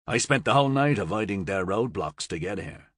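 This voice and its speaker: A gruff, blunt smuggler who drawls his orders in a low, dry voice, as a male narrator puts him on. The delivery is slow and curt, with no warmth, in a close, dead-sounding recording. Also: expressive, no room sound. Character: gruff tough man, a smuggler driver.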